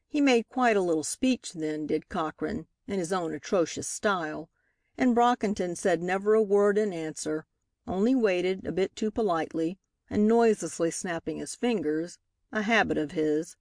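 In a dry, studio-quality recording, a female audiobook narrator reads from a novel. She pitches her voice on the low side and delivers the scripted text with measured, expressive storytelling.

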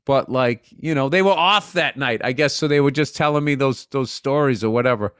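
A man's voice: medium pitch, a little fast, a bit bright, smooth, no room sound, studio quality. A man, a comedian, telling rambling stories in casual podcast chat, swearing and restarting sentences. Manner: storytelling, swears a lot, stammers on restarts.

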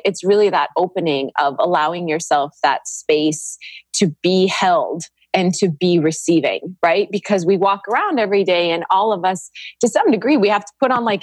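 Earnest, low-voiced woman. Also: dry recording. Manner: earnest, reflective, swears casually. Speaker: podcast guest, Reiki practitioner. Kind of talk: casual podcast chat.

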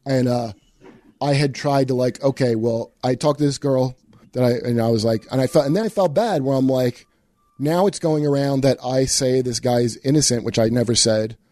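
A man's voice: mid-range voice, normal speed, dark tone, no room sound. A man in casual podcast chat, telling a story in a rambling, profane way with many restarts.

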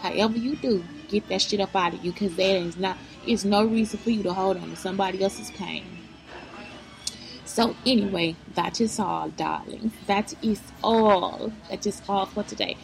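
Her mid-range voice is brisk with vocal fry, captured in a low-quality recording. The woman is a vlogger lecturing her viewers in a preachy way, offering motivational life advice that is blunt and profane.

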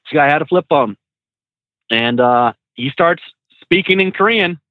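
A man with a slightly high voice tells trucking stories in a loose, animated way, laughing often and restarting his sentences. The sound is dry and tinny, like a phone line, with no room at all. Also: unhurried, no room sound. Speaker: truck driver and trainer. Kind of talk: casual storytelling interview.

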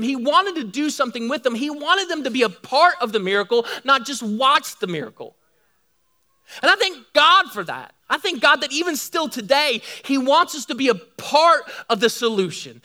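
A middle-aged man preaching a sermon, telling lively stories to his congregation. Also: very high voice. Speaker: pastor.

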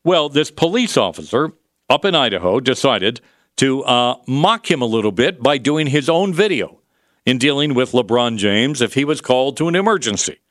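A male talk radio host giving conversational commentary, pausing often on fillers. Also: medium pitch, lively intonation, dry recording, clean studio sound. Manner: conversational, with frequent filler pauses.

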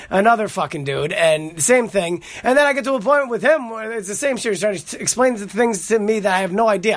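A man talks straight into a close, dry mic, hosting his own podcast in a loose, profane ramble. His voice sits a bit high for a man, and it rises as he works himself up telling a story. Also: dry recording. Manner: profane, animated storytelling, heated when retelling. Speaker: podcast host. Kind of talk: casual solo podcast rant.

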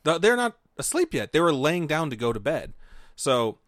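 A man's voice: a little high, sing-song, moderate pace, a bit bright, no echo, studio quality. Profane joking male podcast host. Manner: profane, jokey, mocking asides. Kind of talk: casual storytelling chat.

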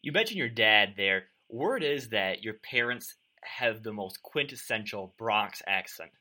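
Playful male interview host with a sharp, bright tone. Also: lowish voice, lively intonation, a little slow. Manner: playful, easily sidetracked. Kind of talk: casual interview.

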